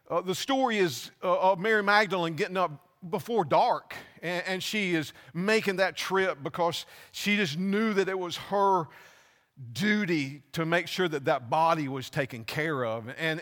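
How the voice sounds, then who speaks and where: A man preaching a sermon, telling a scripture story with halting restarts and acting out the voices. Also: fairly high pitch, a bit bright, big-room sound. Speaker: pastor. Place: church.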